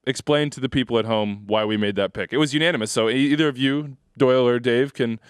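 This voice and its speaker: A playful man hosts a casual sports podcast, teasing his co-hosts and slipping into a big announcer voice for the awards. His voice is smooth and clear, middle-pitched, recorded close on a dry studio mic. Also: fast, no room sound. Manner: playful, jumps into a booming announcer voice. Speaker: podcast host.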